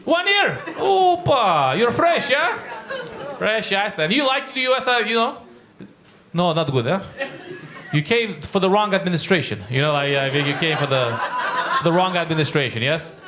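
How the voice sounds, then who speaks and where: A man from Romania doing live crowd work as a stand-up comedian, teasing and rambling with quick asides. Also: sits high, very animated. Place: comedy club with audience. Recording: loud crowd and background noise. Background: audience laughter.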